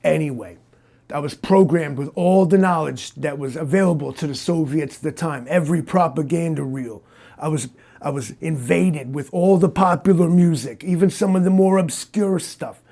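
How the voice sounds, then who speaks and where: Man doing a gravelly boastful cyborg detective. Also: fairly high pitch, normal speed, dark tone. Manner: boastful, condescending, tough-guy talk. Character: brash male Soviet cyborg posing as hard-boiled city detective. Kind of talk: improvised comic interview.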